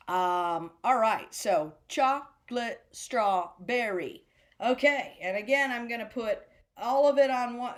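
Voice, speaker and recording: A middle-aged woman teaching a beginner drum class, chanting rhythm patterns aloud with food words. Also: mid-range voice. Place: senior center class room.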